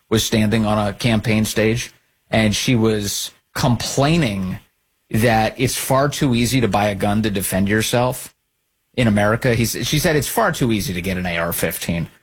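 Combative husky male talk host. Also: on the low side. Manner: combative, sarcastic, lively intonation. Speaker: political talk show host. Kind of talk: opinionated commentary.

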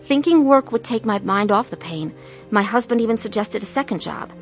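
An earnest, confessing wife. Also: female voice, a little high, expressive, brisk, faint music behind. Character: troubled middle-aged wife telling her story, woman. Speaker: narrator and main character. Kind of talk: dramatized testimony narration.

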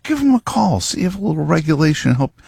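A man's voice: fairly high pitch, big pitch swings, quick pace, gravelly, a little mellow, slightly rough, no room sound, clean studio sound, pitched above the performer's own voice, exaggerated voice. A man voicing a sly male devil who whispers temptations in a coaxing, wheedling way.

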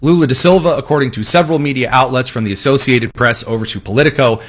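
One man delivers solo political commentary emphatically, tossing in sarcastic asides and mock pleading voices when quoting. His voice is mid-range and fairly bright, and he talks quickly.

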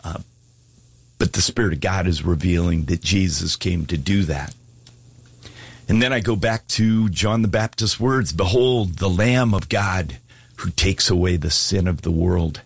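Man, preacher, husky voice, low pitch, earnest pleading sermon, dry close sound. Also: measured pace, dry recording. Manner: earnest, pleading, rising to fervent appeals. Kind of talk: sermon with altar call.

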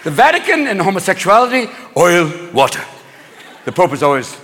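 High-voiced man doing stand-up. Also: sing-song. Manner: rapid-fire, switching into many shouted silly voices. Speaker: stand-up comedian. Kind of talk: stand-up comedy set. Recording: live hall recording with crowd noise. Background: laughing audience.

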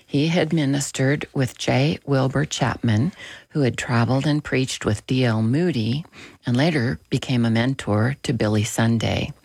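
A man hosting a radio program, reading a Christian book aloud in a slow, gentle, deliberate way. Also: mid-range voice, gravelly, breathy edge, dry recording.

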